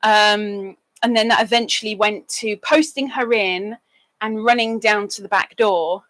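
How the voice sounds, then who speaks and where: A woman's voice: unhurried, a bit bright, no echo. A woman hosting a casual crafting livestream, telling little stories and greeting people in the chat. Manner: chatty, drifts between stories and chat greetings, with squeaky bursts.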